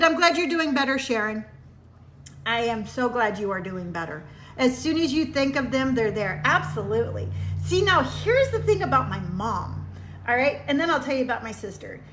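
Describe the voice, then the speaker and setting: Middle-aged woman host, fairly high voice, sincere and rambling, phone mic in an echoey room. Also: a bit bright. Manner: heartfelt, meandering storytelling while reading out viewer comments. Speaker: livestream host. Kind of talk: casual livestream chat.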